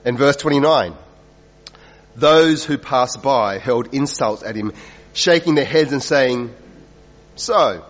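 A male preacher delivering an earnest sermon, pressing his points with rhetorical questions and dropping to slow, quiet lines. His voice carries the long reverb of a large hall. The sound is a little dull and muffled. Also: medium pitch, animated. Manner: earnest, rising and falling emphasis with rhetorical questions.

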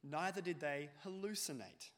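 A male preacher, delivering a sermon with animated storytelling and acted-out quotes. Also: a little high, moderate pace. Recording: long hall reverb.

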